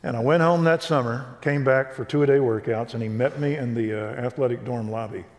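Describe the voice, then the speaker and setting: An older man who tells his faith story in an animated preaching style, acting out the dialogue. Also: medium pitch, a little fast. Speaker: Christian speaker. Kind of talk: preaching testimony. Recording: reverberant hall.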